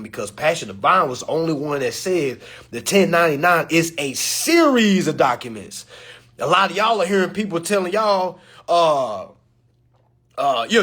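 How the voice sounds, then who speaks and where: A man in a casual talk to his camera for his followers, with loose slangy speech that swings between loud and animated and low and quiet. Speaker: social media creator. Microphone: phone or camera mic.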